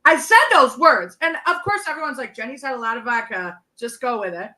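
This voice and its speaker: A woman in her thirties talks on a video call in a quick, animated run of stories, laughing as she goes. Her voice is bright and forceful, sitting a little high. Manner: chatty, laughs often, quick animated storytelling. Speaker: guest medium. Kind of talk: casual chat.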